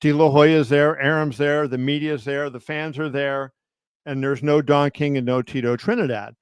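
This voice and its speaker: A man's voice: a little high, steady tone, moderate pace, smooth, no room sound. A man hosting a live stream as a boxing journalist, telling stories with many fillers and restarts and acting out quotes with a raised voice. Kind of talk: casual live-stream storytelling. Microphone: home setup on a live video stream.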